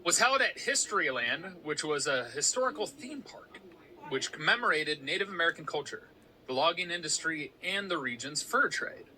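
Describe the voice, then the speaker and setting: A man's voice: a little high, animated, normal speed, bright, forceful tone, low-quality recording. A man co-hosting a casual podcast chat, explaining researched facts in an informative way. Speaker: podcast co-host.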